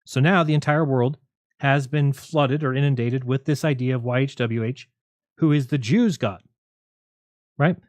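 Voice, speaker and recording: A man hosting a livestream, talking in a rapid, argumentative, sarcastic way to his viewers. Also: medium pitch, a little mellow, dry recording, studio quality. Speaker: livestream host. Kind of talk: casual livestream monologue.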